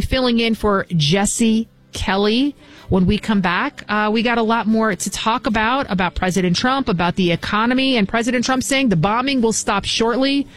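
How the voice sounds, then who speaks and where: A woman filling in as a talk radio host, delivering a combative, scornful political monologue into a studio mic. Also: on the high side.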